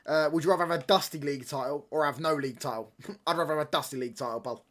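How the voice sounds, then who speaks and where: A man's voice: fairly high pitch, rapid-fire, a bit bright. A young man hosting a live football watch-along, teasing his chat with cheeky banter, laughing often and ending lines with mate or pal. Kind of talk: live casual chat over a match.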